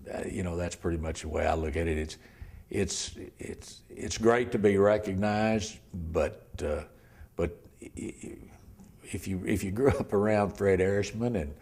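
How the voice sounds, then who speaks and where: This older man, a criminal defense lawyer, shares his story for an oral history, stumbling, repeating himself, and often dropping to nearly a whisper. The voice is low and gravelly with a darkish tone.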